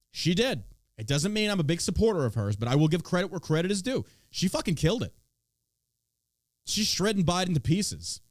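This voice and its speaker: A man's voice: high-pitched, dry recording, clean studio sound. Profane, sarcastic man ranting on a podcast. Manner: profane, sarcastic, swinging between loud and mocking. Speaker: podcast host. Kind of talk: casual political rant.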